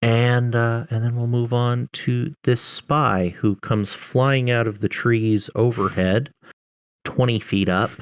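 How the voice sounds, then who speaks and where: A man narrates monster turns as dungeon master, unhurried and full of hesitations. His voice is bone-dry and a little dull, as on an online voice call. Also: mid-range voice, clear, resonant tone, no room sound. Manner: hesitant, many fillers. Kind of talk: narrating a tabletop game online.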